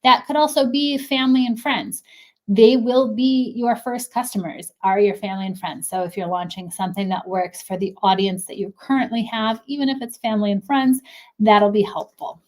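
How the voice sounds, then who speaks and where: A woman's voice: fairly high pitch, moderate pace. Chatty, encouraging woman in her thirties. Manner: chatty, encouraging, frequent fillers. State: pregnant, a little out of breath. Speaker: clothing brand consultant. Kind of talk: casual advice talk to camera.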